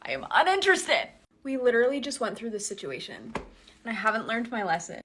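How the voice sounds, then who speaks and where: Woman, casual vlog rant, sarcastic, swears a lot, fairly high voice. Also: a bit bright.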